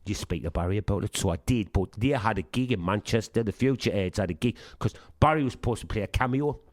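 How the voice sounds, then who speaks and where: A man's voice: lowish voice, fast talker, no echo, studio quality. A middle-aged man with a Sunderland accent, a punk singer chatting in an interview and telling anecdotes with swearing and acted-out dialogue. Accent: Sunderland English. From Sunderland, England. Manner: chatty and swearing, acts out dialogue in his tales. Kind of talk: casual anecdotal storytelling.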